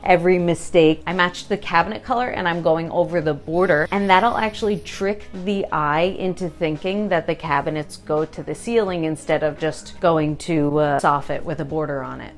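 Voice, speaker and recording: A woman chatting casually about a kitchen renovation she did, telling stories in an animated way and laughing as she talks. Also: lowish voice. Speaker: home renovation vlogger. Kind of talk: casual chat.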